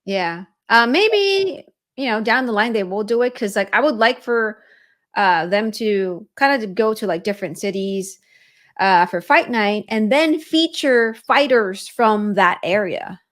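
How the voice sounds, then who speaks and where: A woman with a mid-range voice co-hosts a laid-back podcast chat. She speaks in a relaxed, hesitant way, with plenty of fillers and pauses as she thinks aloud. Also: mid-range voice. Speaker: podcast co-host. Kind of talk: casual chat.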